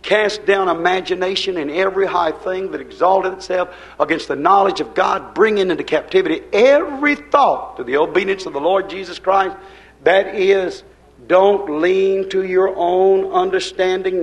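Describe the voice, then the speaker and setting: An older preacher man delivering a fervent sermon. His voice sits fairly high, and he swings from loud, pushed lines to near-murmured asides. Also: normal speed, rough recording. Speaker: pastor.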